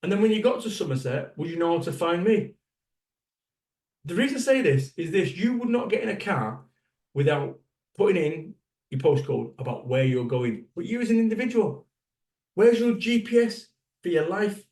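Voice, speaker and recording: A fifties man delivers a motivational keynote, blunt and sweary and firing rhetorical questions at the crowd. His voice sits a little high for a man. It carries from a distance in an echoey hall. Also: expressive, moderate pace, mellow. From Salford, England. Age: 50s. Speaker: motivational speaker.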